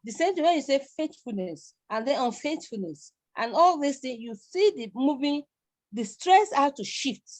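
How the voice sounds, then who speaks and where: High-voiced Nigerian woman lecturing. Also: animated, moderate pace, a little mellow. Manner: rambling, repeats words, chuckles. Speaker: university lecturer. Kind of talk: live online class lecture.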